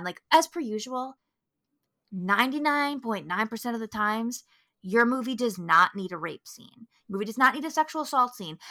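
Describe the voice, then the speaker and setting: Animated, bright-voiced woman ranting. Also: a little high. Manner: emphatic, profane ranting. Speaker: podcast co-host. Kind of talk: casual film review chat.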